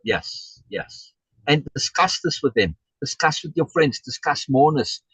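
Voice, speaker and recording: A man's voice: a little high, lively intonation, a little slow, fairly bright tone, husky, no room sound, poor audio. A man coaching someone over a video call, emphatic and repeating key words for stress. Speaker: life coach.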